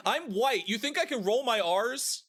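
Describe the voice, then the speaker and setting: A man's voice: very high voice, a bit bright. A young man hosting a stream, chatting casually and playfully, laughing often. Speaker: streamer host.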